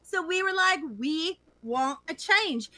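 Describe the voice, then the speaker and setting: A woman's voice: very high voice, animated, slow pace, sharp tone, exaggerated voice. A woman playing a ditzy suburban woman who now sees herself as a cowgirl, rambling with lots of "like" over a video call mic. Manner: rambling, valley-girl "like" talk. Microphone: computer mic on a video call.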